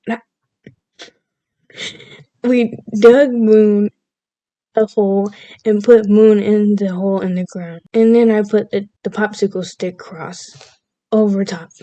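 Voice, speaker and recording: A woman's voice: mid-range voice, mellow, no echo, lo-fi sound. A woman vlogger casually telling a personal story, chatty and playfully overdramatic, laughing at herself now and then.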